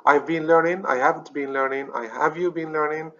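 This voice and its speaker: A man's voice: fairly high pitch, fairly even intonation, brisk, bright, forceful tone, highs cut off. A man with a Moroccan accent teaching a recorded grammar lesson, explaining step by step, often checking "okay?" and correcting himself. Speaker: English teacher.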